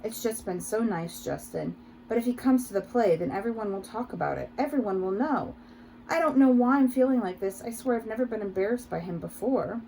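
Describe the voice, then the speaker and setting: A woman's voice: fairly high pitch, lively intonation, a little fast, gravelly, mellow, slight background noise, pitched above the performer's own voice, low-quality recording. A woman reading an audiobook voices a teenage girl who is close to tears and keeps breaking off. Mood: tearful. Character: teenage girl, upset and tearful. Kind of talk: audiobook character voice.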